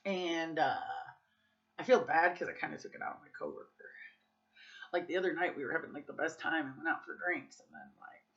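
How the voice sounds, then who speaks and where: A woman's voice: low voice, fairly quick, a bit bright, lo-fi sound. A woman vlogging in a candid, casual confessional chat, swearing freely and saying "like" and "dude" a lot. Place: Las Vegas.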